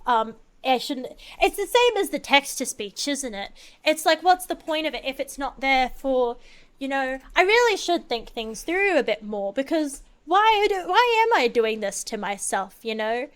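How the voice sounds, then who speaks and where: A woman streamer chatting casually while gaming, rambling and expressive, with lots of fillers and swearing. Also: high voice, normal speed.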